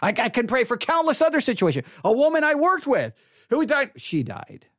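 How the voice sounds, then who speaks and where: A man giving an earnest personal testimony to an audience, repeating words and swinging between quiet and emphatic delivery. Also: very high-pitched, sing-song, brisk, dry recording, clean studio sound. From Texas. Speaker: speaker addressing an audience.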